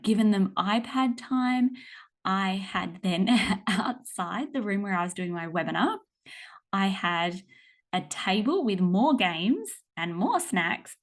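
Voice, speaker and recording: An Australian woman hosting her podcast, telling a story in a casual, animated way with some laughter. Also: medium pitch. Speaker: podcast host.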